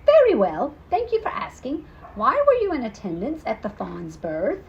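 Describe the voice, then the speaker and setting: A woman's voice: on the high side, wildly swooping pitch, normal speed, gravelly, a little mellow, lo-fi sound, a little hiss or hum, heavily acted. A woman voicing a young, proper female kitten who speaks politely and primly in a storybook reading. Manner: polite, prim.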